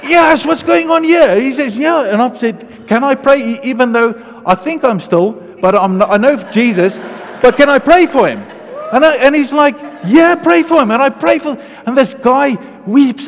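A man preaching a testimony sermon, telling his story in an animated way, dropping to a hush and then rising to loud excitement. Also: sits high. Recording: long hall reverb.

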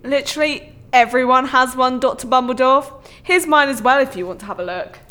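A woman's voice: high voice, fairly quick, bright, forceful tone. A woman playing a polite, hesitant patent office clerk in a comedy sketch.

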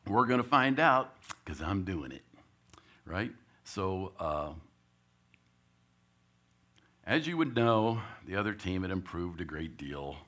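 A man, a church elder, telling a lively story in a sermon and acting out his own lines. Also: low-pitched, a little slow.

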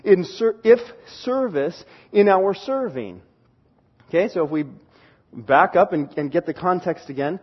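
A man's voice: high-pitched, expressive, a little slow, slightly rough, muffled recording. A man preaching a sermon, explaining a scripture passage and reading verses aloud while stressing key words.

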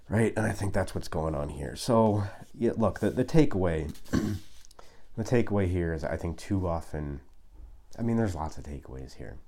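Man, 30s, deep mellow voice, casual rambling advice host with a self-deprecating streak. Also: very animated, normal speed. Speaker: video host giving life advice. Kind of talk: casual monologue.

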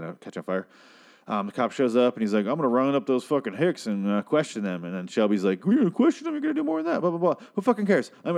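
A man giving a crude, sarcastic recap of a TV episode, tossing in quick asides. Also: mid-range voice, a little mellow. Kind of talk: casual profane TV recap.

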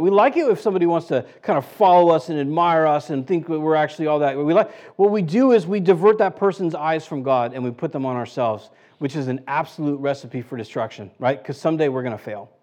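Casting: male pastor with a high voice, relaxed conversational preaching, lots of rhetorical questions. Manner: chatty, rhetorical questions, frequent restarts. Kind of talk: conversational sermon.

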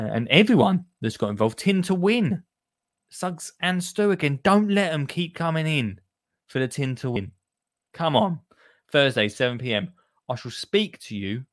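In studio-quality audio with no echo, a man whose voice sits a little high hosts a gardening show. He keeps things casual and jokey, like radio chat, often turning aside to address listeners.

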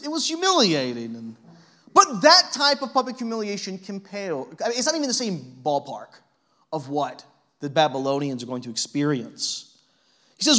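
A high-pitched pastor preaches conversationally, frequently tacking on "right?" and telling animated stories that poke fun at himself.

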